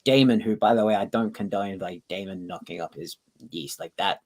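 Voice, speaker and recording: A man co-hosting a casual podcast debate, talking excitedly in quick bursts with restarts, swearing and acting out scenes he quotes. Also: low voice. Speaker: podcast co-host.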